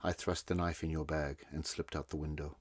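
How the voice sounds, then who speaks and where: A man's voice: very deep voice, little pitch movement, brisk, no room sound. A man reading a story, voicing a remorseful male convict who pleads for forgiveness. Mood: pleading. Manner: pleading, broken.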